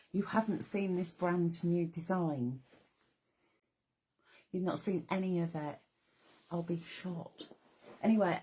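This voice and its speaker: A woman hosting a casual live craft stream, chatty and bubbly, with a croaky voice as she talks straight to her viewers. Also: on the low side, a little mellow. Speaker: craft show host. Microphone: camera or phone mic on a live stream.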